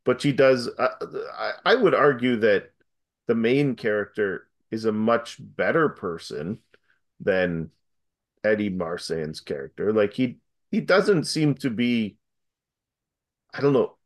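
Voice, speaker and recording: A man's voice: on the low side, animated, slow pace. A man in a casual film discussion, hedging and thinking aloud as he offers his view.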